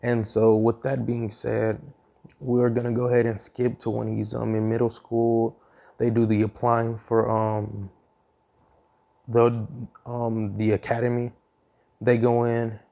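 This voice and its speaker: A man's voice: medium pitch, monotone, unhurried, vocal fry, dark tone. A man casually retelling his own fan story, rambling with frequent ums and restarts.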